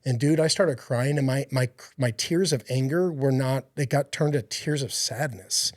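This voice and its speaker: A man's voice: medium pitch, normal speed, dry recording, studio quality. Earnest rambling man telling his story. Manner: earnest, rambling storytelling with many fillers and restarts. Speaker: podcast guest. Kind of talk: personal faith testimony in conversation.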